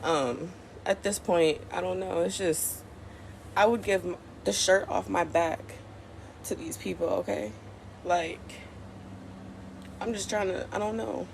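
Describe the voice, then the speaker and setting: Gravelly-voiced woman venting to her phone. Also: lowish voice, fairly even intonation, unhurried, long pauses, slight background noise. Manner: blunt, profane, rambling. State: tearful. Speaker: social media vlogger. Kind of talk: emotional venting vlog. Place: at home early morning.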